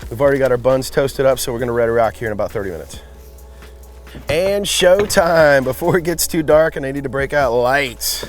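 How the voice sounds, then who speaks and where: A man's voice: mid-range voice, lively intonation, fairly quick, slight background noise. A man from New England hosting a barbecue cooking vlog outdoors, upbeat and jokey as he serves food to friends. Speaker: host of a barbecue cooking channel. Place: outdoors in a backyard at a smoker.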